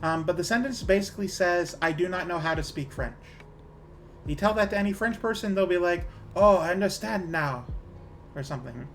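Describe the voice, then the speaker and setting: A man's voice: high voice, expressive, a little fast, faint music behind. A man streaming a game, chatting casually in a rambling way and laughing at his own jokes.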